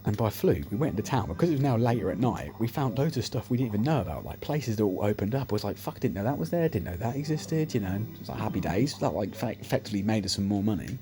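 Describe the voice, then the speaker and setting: A man telling sweary, animated anecdotes while playing a slot machine, acting out what people said. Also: fairly low pitch, quick pace, few pauses. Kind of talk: casual storytelling over gameplay. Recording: music playing behind the voice.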